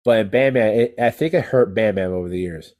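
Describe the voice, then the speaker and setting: Uomo che chiacchiera, animato e sboccato. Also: male voice, on the low side, brisk. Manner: animated, profane, rambling. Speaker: podcast co-host. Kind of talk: casual chat.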